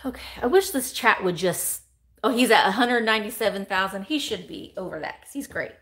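A woman's voice: mid-range voice, expressive, fairly quick, a bit bright. A middle-aged woman, hosting a casual live-stream sale, rambling as she reads out viewer comments and calls bids.

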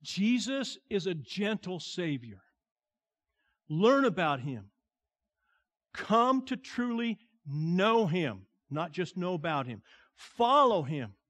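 Slow, deliberate high-voiced male preacher. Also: big pitch swings. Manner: slow, deliberate preaching that drops to a hushed tone and swells on emphasis. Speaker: pastor. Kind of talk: sermon.

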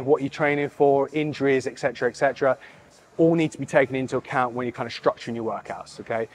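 A man's voice: fairly high pitch, darkish tone. A man with a British accent demonstrating leg exercises as a fitness coach, talking casually with many fillers and repeated coaching cues, a little out of breath.

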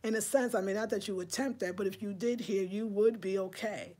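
A woman's voice: mid-range voice, brisk, dark tone. A woman in her fifties from New York, chatting casually to her viewers from her home in a breezy, friendly way, as if talking to girlfriends. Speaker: lifestyle vlogger. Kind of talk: casual chat to the camera. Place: at home indoors.

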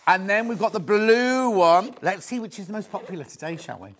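A middle-aged man presenting a live shopping channel, chatty and excitable, often raising his voice. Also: sits high, normal speed, hardly any pauses. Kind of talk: live TV sales pitch. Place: TV studio.

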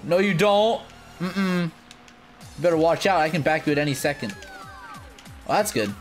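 A man giving live gameplay commentary, excitable and self-mocking, going from muttering to shouting. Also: fairly high pitch, moderate pace, faint music behind. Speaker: gaming video creator.

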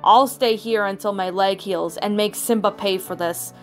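Storybook villain lioness, scheming and spiteful, read by a woman in a mid-pitched voice, soft music below. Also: fairly even intonation, moderate pace, lightly acted. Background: soft background music.

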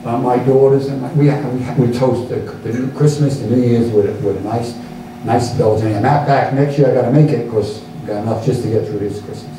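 A man's voice: mid-range voice, steady tone, brisk, background noise. Older New York man lecturing. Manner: chatty, rambling, frequent restarts. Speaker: guest lecturer. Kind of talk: informal lecture with audience questions. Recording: echoey hall from far off.

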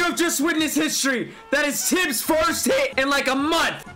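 A young man commentating his own baseball video game, excitable, swearing and yelling at the players. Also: extremely high pitch, moderate pace, soft background music. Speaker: gaming YouTuber. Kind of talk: live gameplay commentary.

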